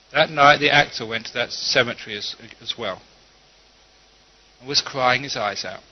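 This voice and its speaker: A man, a Buddhist teacher giving a calm, storytelling dharma talk with gentle humor. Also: mid-range voice. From London. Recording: dull lo-fi recording.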